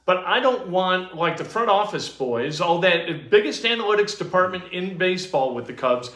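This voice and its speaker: Animated, high-voiced, opinionated sports talker. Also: male voice, normal speed, roomy sound. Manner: opinionated, blunt. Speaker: sports talk co-host. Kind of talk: casual sports chat.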